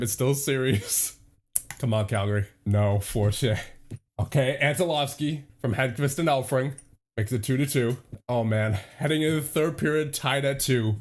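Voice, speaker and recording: A young man recapping simulated hockey games for his channel, pleading with his team and laughing nervously between scores. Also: medium pitch. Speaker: gaming YouTuber. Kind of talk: hockey sim franchise play-by-play.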